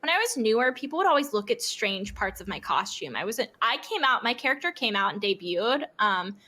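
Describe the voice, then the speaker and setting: Bright-voiced young woman telling lively stories. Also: a little high, a little fast. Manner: animated storyteller who acts out quotes and swears freely. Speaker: guest streamer. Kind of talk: casual podcast interview chat.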